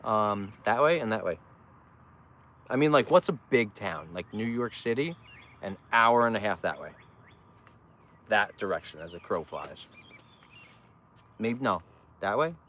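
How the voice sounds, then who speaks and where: A man's voice: lowish voice, animated, a little slow, long pauses, bright, forceful tone. A man casually chatting on a livestream outdoors, joking and waving at passing traffic. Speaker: farm livestreamer. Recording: outdoor street noise, passing cars.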